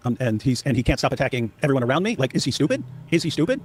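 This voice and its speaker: A man giving casual commentary, sarcastic, sometimes mocking others in exaggerated high-pitched quotes. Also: very animated, racing, slight background noise.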